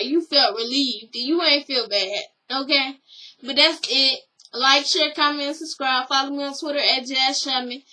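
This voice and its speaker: A young woman with a high, bright voice gives a casual recap. She is sassy and blunt and uses plenty of slang. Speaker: vlogger recapping a reality show. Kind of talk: casual chat.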